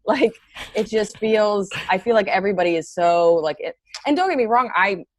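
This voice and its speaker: A woman comedian talking in a casual interview, rambling, correcting herself and telling animated stories over a video call. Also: mid-range voice, normal speed, dry recording. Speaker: stand-up comedian guest.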